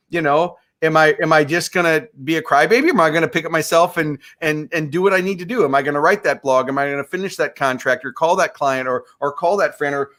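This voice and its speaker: A man in his late fifties speaks as a guest, earnest and motivational. He sits a touch higher than most men and often repeats his opening words before a thought lands. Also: fairly bright tone. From USA, Minneapolis. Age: 50s. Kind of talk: conversational storytelling.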